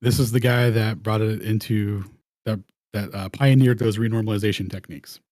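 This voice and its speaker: A man hosts a round table, talking loosely over his slides and often restarting phrases. His voice is mellow and relaxed, and the recording is dry and close. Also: lowish voice, normal speed, no echo. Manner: rambling, slangy, restarts mid-phrase. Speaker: host. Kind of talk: casual presenting over slides.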